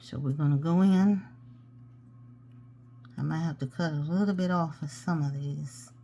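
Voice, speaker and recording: Mellow low-voiced woman teaching crafts. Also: a little slow. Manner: chatty, talks to herself while working. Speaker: jewelry-making tutorial host. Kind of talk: casual step-by-step craft tutorial.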